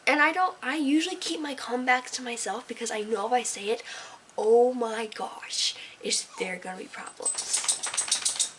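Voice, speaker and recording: Teen girl, slightly high voice, late-night rambling vlog, sarcastic, swings from whispers to bursts of energy. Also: normal speed, noisy background. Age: teens. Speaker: vlogger. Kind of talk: casual late-night talk to camera. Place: own room at night, lit by a desk lamp.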